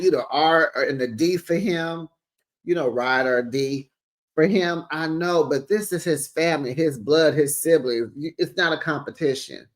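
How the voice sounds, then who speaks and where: A middle-aged man with a fairly bright voice on the high side gives a gossipy, chatty reality TV recap, calling viewers child and besties. He speaks into a studio microphone with a pop screen in his home office, which has sound panels and a closed door.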